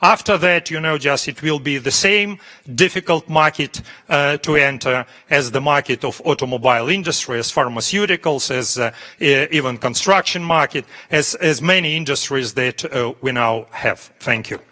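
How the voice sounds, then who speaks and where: Male panelist, bright and fairly high, hesitant delivery. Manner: hesitant, halting. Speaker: panel speaker. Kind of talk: closing remarks at a forum.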